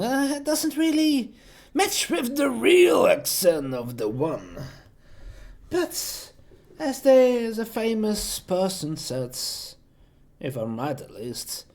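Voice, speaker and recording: Slow, rambling male streamer. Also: sits high, darkish tone. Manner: rambling, meandering, many fillers and restarts. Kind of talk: casual live-stream chat.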